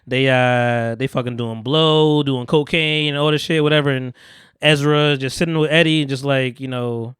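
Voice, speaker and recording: A man's voice: medium pitch, fairly even intonation, normal speed, a bit bright, clean tone, no echo, clean studio sound. A man hosting a podcast, retelling a movie scene by scene in casual, profane chat and acting out the characters' lines. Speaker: podcast host.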